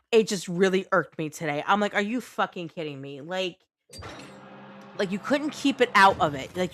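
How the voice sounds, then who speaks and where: A woman's voice: mid-range voice, fairly bright tone. A woman streaming a game live, talking blunt and unfiltered to her chat and swearing freely.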